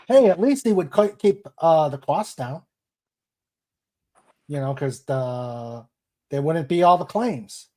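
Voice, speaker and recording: Male stream host, slightly raised pitch, slow easygoing delivery, reads comments aloud. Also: lively intonation, mellow. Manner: unhurried, chatty, laughs at jokes. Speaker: livestream host. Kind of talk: casual chat, reading viewer comments aloud.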